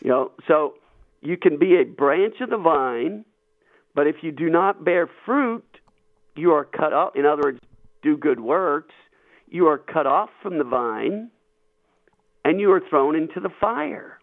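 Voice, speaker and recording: A man with a fairly high voice hosts a radio talk show, breaking down scripture with animated emphasis. The sound is tinny and phone-like, and the room is dry. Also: unhurried, pauses often, no room sound. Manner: animated, emphatic Bible teaching. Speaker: radio host. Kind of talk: Catholic radio talk, Bible discussion.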